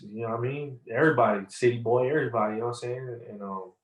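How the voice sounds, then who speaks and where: A man's voice: medium pitch, rapid-fire. A man guest on a podcast, telling a story loosely with lots of slang and fillers. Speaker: rapper guest. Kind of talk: casual interview storytelling.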